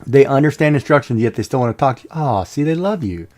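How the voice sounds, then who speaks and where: Lively joking streamer man. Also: medium pitch, fast talker, faint music behind. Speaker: livestream host. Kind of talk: casual chat with viewers.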